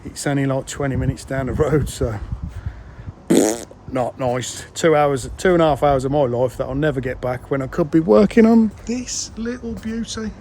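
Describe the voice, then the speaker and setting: A man's voice: mid-range voice, normal speed, warm tone, slight background noise. Chatty man vlogging a dig. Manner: chatty, mild swearing, calls viewers guys. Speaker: pond builder vlogging his project. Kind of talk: casual on-site vlog. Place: outdoor building site in a garden. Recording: music playing underneath.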